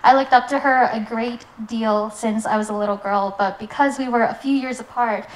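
A woman's voice: a little high, fairly even intonation, normal speed, slight background noise, low-quality recording. A young woman, the maid of honor, giving an earnest, prepared wedding speech that sounds a little nervous.

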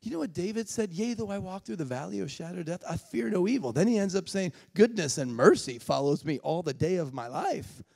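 A man preaching a sermon in a church, telling a funny story with lively, animated delivery. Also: brisk, gravelly, few pauses. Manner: animated, jumps high when acting out his excited self. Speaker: guest preacher. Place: church sanctuary.

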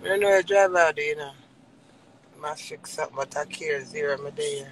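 A woman's voice: low-pitched, normal speed, slight background noise, poor audio. A woman with a Jamaican accent giving a rambling, emotional personal monologue with frequent swearing. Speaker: reality TV personality.

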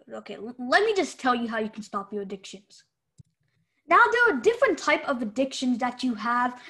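A woman hosting a joke therapy vlog, rambling playfully, losing her thread and repeating herself. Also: sits high. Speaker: host of a joke therapy show. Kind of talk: casual comedic vlog monologue.

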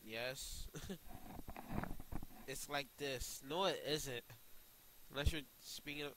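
A young man giving excitable live commentary over his own gameplay, often yelping and laughing. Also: mid-range voice, slow, long pauses, a little hiss or hum, rough recording. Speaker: gaming YouTuber.

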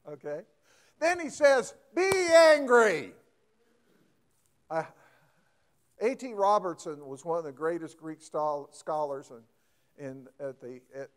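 A man preaching a folksy sermon, often asking the congregation questions and getting emphatic. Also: a little high.

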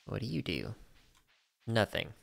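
Deep gravelly male streamer. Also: unhurried. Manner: relaxed, talks to himself while playing. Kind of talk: casual gaming stream chat.

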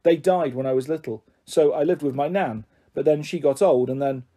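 A man's voice: on the high side, normal speed, warm tone, lightly acted. A man reading aloud and voicing a timid, snivelling orphan boy who mumbles meekly. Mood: mournful. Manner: meek, mumbling. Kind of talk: storybook character reading.

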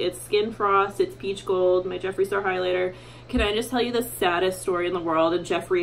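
A chatty young beauty vlogger gives a casual makeup tutorial from her home bathroom, full of fillers and self-mockery. Her lowish voice is gravelly. The recording is low quality, with a little hiss or hum.

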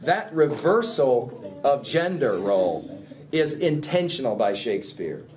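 A middle-aged man giving an emphatic classroom lecture on a play, animated and quick to chuckle as he explains. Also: medium pitch. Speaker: literature teacher.

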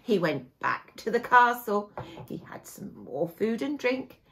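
A woman teacher telling a fairy tale to young children, with dramatic, hushed moments. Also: fairly high pitch, a little slow, gravelly, slight background noise. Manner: expressive, dramatic, hushed asides.

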